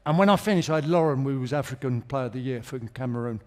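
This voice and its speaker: A man's voice: medium pitch, fast. A middle-aged man as a guest in a live on-stage interview, telling jokey anecdotes with chuckles. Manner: chatty anecdotal storyteller, jokes and chuckles. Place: theatre stage.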